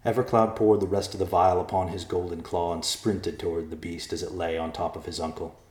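A man narrating a storybook in a measured, dramatic way. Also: low voice, little pitch movement, a little mellow, roomy sound.

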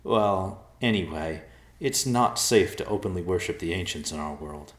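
A man's voice: low-pitched, animated, normal speed. A man doing a timid, pleading short man. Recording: roomy echo.

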